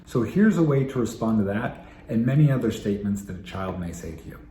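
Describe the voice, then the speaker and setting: A male family therapist giving calm, explanatory parenting advice to camera, repeating his key points. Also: lowish voice, fairly quick, a little hiss or hum. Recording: roomy echo, faint ambience.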